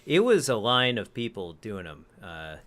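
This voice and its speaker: A man's voice: on the low side, sing-song, a little slow, fairly bright tone. A man co-hosting a casual podcast, telling a rambling story that he keeps correcting as he goes. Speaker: podcast co-host. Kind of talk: casual chat.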